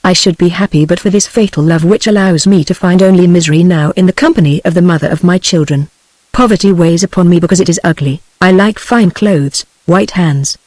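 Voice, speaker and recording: A text-to-speech voice of a British English woman reading the lines of an ardent, half-mad outlaw poet in a flat synthetic manner. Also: on the low side, fairly quick, no room sound, close to an everyday voice.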